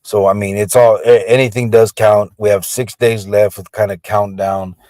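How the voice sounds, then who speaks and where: A man's voice: lowish voice, flat delivery, moderate pace, mellow, no echo. Laid-back man chatting from a car. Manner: laid-back, reads viewer comments aloud, swears casually. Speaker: podcast host. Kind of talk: casual livestream chat. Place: parked car in the rain.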